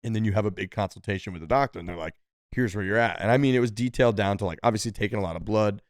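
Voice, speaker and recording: A man's voice: lowish voice, rapid-fire, no echo, clean studio sound. A man co-hosting a podcast, telling a long story casually with lots of "like" and "dude" and quoting people in changed voices. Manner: rambling, lots of "like" and "dude", quotes others in different voices. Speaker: podcast co-host.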